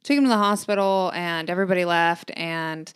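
A woman's voice: fairly low pitch, a little fast, smooth, no echo. A young adult woman co-hosting a podcast, talking in laid-back casual chat with loose, filler-heavy phrasing and dry reactions. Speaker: podcast co-host.

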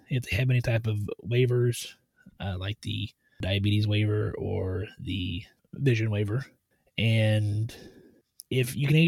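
A man who gives medical exams, explaining his routine step by step in a steady, methodical way on a podcast. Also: mid-range voice, no room sound. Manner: steady, methodical, tries to stay on task. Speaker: medical provider doing truck-driver physicals.

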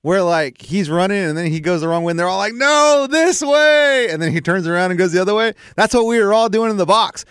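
Man, high voice, lively storyteller, acts out quotes, dry sound. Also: fast, hardly any pauses, clean tone, dry recording. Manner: acts out quotes with big vocal jumps. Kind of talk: casual chat, animated storytelling.

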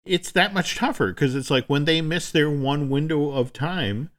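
A man's voice: fairly high pitch, a bit bright. Chatty man telling a long story. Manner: storytelling, halting with restarts. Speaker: podcast co-host. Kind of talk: casual chat.

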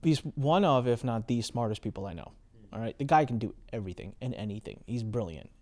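Animated male podcast host telling stories. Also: brisk. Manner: animated, acts out quoted exchanges with big pitch jumps. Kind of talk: casual conversational storytelling.

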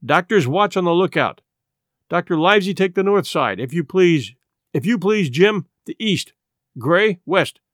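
A man's voice: sits high, lively intonation, a little slow, a bit bright, dry recording, clean studio sound. Man reading as a stern, curt sea captain. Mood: ordering. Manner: clipped barked orders. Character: stern male ship's captain, curt and commanding.

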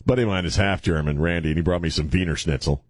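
A middle-aged male radio host with a lowish voice, riffing in loose, provocative banter and breaking into laughter often. The sound is dry and close, with no room around it. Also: fast, dry recording. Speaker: radio talk show host.

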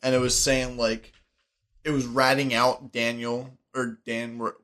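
A man's voice: medium pitch, little pitch movement, a little slow, fairly bright tone. Young male co-host, mid-range voice, laid-back sidekick who adds details and laughs along. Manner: chiming in with short details and laughter. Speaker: podcast co-host. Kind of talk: casual movie recap chat.

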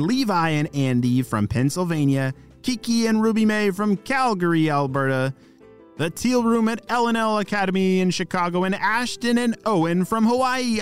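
A man hosting a children's podcast, narrating bedtime stories in an upbeat, animated way. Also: sits high. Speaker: children's podcast host and storyteller.

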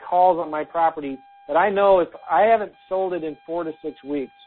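A man with a slightly high, brisk voice co-hosts a casual business podcast, heard over a phone line. He offers practical advice, frequently using "um" as a filler.

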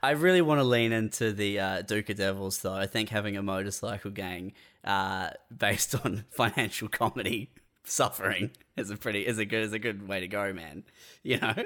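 A man's voice: fairly low pitch, moderate pace, a bit bright. A young man joking through absurd ideas in casual podcast chat, often laughing as he talks.

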